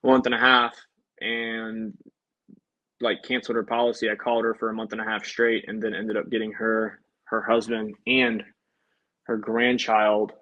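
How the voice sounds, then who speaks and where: A man's voice: on the low side, little pitch movement, normal speed, sharp tone, muffled recording. A man, a life insurance agent, chatting casually to livestream viewers between sales calls in a breezy, upbeat way.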